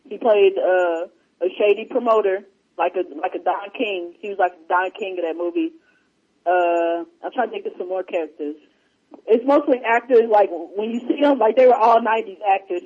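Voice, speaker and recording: A man chatting casually and retelling movie scenes in a rambling, animated way. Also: high-pitched. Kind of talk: casual chat. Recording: muffled lo-fi audio.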